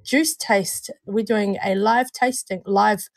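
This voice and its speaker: A woman with a New Zealand accent, co-hosting a show in casual chat, hoarse and unwell, rambling and laughing as she stumbles over words. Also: medium pitch, steady tone, slow pace, no echo. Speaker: co-host of a vaping show.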